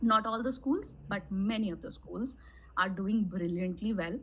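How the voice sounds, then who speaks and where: A woman with an Indian accent, speaking emphatically in a casual roundtable chat, stressing each syllable clearly. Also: medium pitch, normal speed, a bit bright, a little hiss or hum, low-quality recording. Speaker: guest YouTuber.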